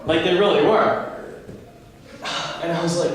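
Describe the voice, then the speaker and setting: In a large, very echoey room, a youth speaker with a slightly high voice addresses a group of teens at a normal pace, picked up from a distance. His casual storytelling is animated and wandering, and he performs the dialogue himself.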